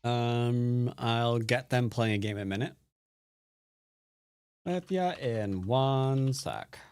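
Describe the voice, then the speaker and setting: A man with a slow, medium-pitched voice, darkish but clear and resonant, offers casual live-stream commentary while playing Go, a game he also teaches. He rambles and jokes wryly to himself, often drifting into mutters.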